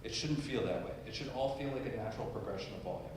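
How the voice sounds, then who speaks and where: Guy running an orchestra rehearsal, counting players in and singing the phrases, heard from far off in a boomy hall with the music going. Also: expressive, slight background noise. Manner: brisk, instructive, counts players in and sings phrases. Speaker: orchestra clinician. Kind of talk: rehearsal coaching. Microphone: distant camera mic. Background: string orchestra playing.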